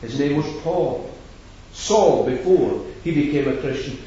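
A man's voice: a little high, unhurried, mellow, a little hiss or hum. A man preaching an evangelistic sermon, rising and falling with emphasis and repeating scripture. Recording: echoey hall from far off, dull lo-fi.

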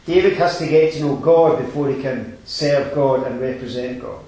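A man preaching a sermon, swinging between quiet reflection and loud emphatic exhortation. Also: medium pitch, moderate pace. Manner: rising to emphatic exhortation, then dropping quiet. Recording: very echoey hall.

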